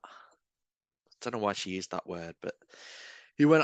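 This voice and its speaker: A man, a street evangelist, telling lively self-mocking anecdotes in casual chat. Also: on the low side, unhurried, pauses often, no room sound. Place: pub bar.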